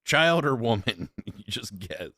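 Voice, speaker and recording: A man's voice: lowish voice, big pitch swings, a little slow, very noisy. A man casually commentating on streamer clips, laid-back and rambling, often poking fun at himself.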